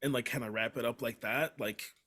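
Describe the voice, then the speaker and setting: A man's voice: mid-range voice, steady tone, brisk, bright, forceful tone. A man playing a tabletop role-playing game, describing his character's actions hesitantly with many fillers. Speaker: player. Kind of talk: casual tabletop role-play.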